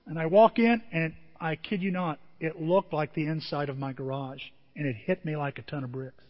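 High-voiced preacher in a reverberant hall. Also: male voice, moderate pace. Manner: animated storytelling with asides to the congregation. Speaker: pastor. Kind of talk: sermon. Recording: dull sound with long hall reverb.

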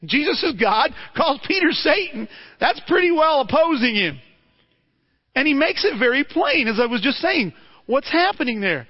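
A man's voice: very high voice, very animated, normal speed, lo-fi sound. A man preaching a sermon in a conversational way, asking his listeners rhetorical questions and often repeating words as he restarts.

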